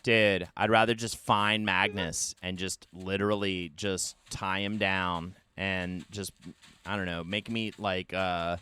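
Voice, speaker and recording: Male streamer, unhurried, crisp clear voice, lively self-mocking commentary. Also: low-pitched. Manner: animated, self-mocking banter. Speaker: game streamer. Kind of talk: live gameplay commentary.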